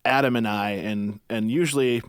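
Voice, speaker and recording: A man's voice: mid-range voice, normal speed, clear, resonant tone, no room sound, studio quality. A man talking casually as a podcast guest, easygoing and self-deprecating, often laughing between thoughts. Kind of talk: casual conversation.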